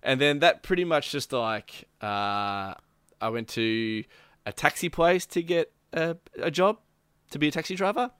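A man's voice: a little high, unhurried, clear, resonant tone, dry recording, clean studio sound. A man, casually retelling a gaming story on a podcast and acting out the people in it. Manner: animated, acts out quotes with laughs. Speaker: podcast co-host.

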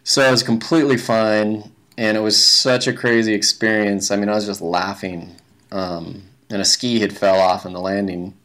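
Male interview guest, lower register, relaxed rambling storyteller. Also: moderate pace. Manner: relaxed, rambling, many fillers and restarts. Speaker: guest, big-mountain skier.

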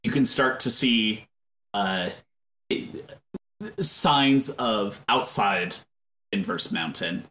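Guy running a tabletop game, lowish voice, laid back, echoey room. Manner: relaxed storytelling with fillers. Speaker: game master.

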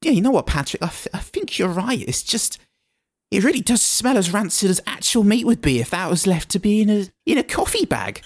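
A woman's voice: medium pitch, sing-song, normal speed, hardly any pauses, breathy edge. A woman voicing a timid young female dance studio assistant with a put-on regional accent. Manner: sheepish, put-on Midlands-style accent.

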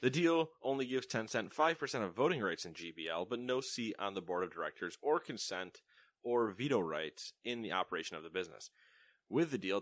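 A man's voice: lowish voice, fairly bright tone, no room sound. A man co-hosting a casual gaming news podcast, joking and laughing often as he reads stories. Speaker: co-host reading gaming news.

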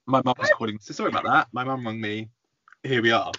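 A man's voice: medium pitch, pushed and bright, dry recording. A young man, chatting on a podcast, jumping in and hurrying the story along. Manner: rushed, jumps in, hurries the story along. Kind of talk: casual storytelling chat. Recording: slightly muffled, dry sound.

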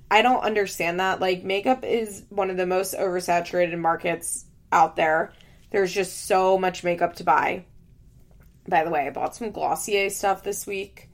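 A woman's voice: fairly low pitch, unhurried. A woman giving a frank, casual recap of a reality TV show, opinionated and swearing freely.

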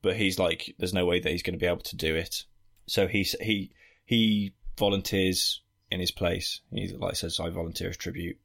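Recapping a movie on a relaxed podcast, a man rambles with plenty of fillers and jokey asides. His low voice is gravelly and a bit bright, with fairly even intonation and a moderate pace.

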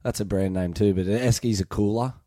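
A man's voice: fairly low pitch, steady tone, fairly quick, dark tone, no room sound, clean studio sound. An Australian man in casual podcast chat, laid-back and swearing casually.

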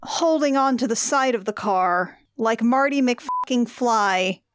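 A woman hosting a casual movie-review podcast, telling the plot in a sardonic, animated way with some swearing. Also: a little high, unhurried, clear, resonant tone, no room sound, studio quality. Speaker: podcast host.

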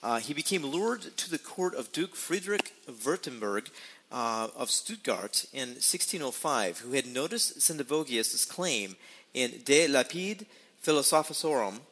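A man's voice: mid-range voice, expressive, unhurried, a bit bright, a little hiss or hum, poor audio. A man co-hosting a casual podcast, narrating history playfully and posing rhetorical questions. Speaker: podcast co-host. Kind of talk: casual storytelling podcast chat.

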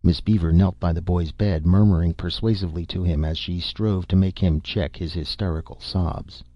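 A man narrating a story in a steady, measured reading. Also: sits low, dry recording, highs cut off. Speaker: audiobook narrator. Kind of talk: scripted narration.

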